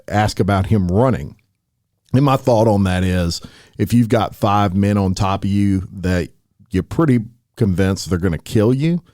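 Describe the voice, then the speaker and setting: A podcast co-host with a very low, mellow voice, recorded dry and close. He speaks in an earnest, measured way, stressing his points firmly. The tone is serious throughout. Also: dry recording. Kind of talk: commentary.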